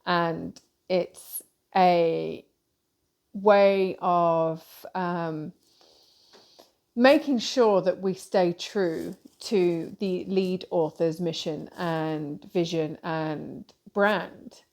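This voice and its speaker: A woman's voice: on the low side, fairly even intonation, extremely slow, creaky, darkish tone. A woman publisher hosting a casual live talk, rambling with many fillers and self-corrections.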